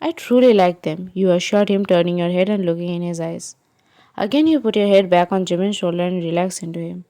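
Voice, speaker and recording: A woman narrating a second-person fan fiction story in an even, unhurried way. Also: on the low side, dry recording.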